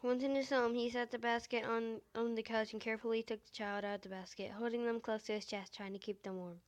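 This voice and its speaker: A woman with a high, squeaky voice reading a fan-fiction story aloud, halting and stumbling with many fillers and restarts. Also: flat delivery.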